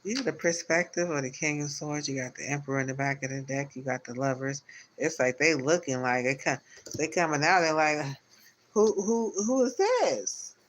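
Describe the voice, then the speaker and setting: Bright-voiced man rambling through a tarot reading. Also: mid-range voice, steady tone, fairly quick, a little hiss or hum, rough recording. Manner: rambling, repetitive, spiritual pep talk. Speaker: tarot reader. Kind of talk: live-stream tarot reading.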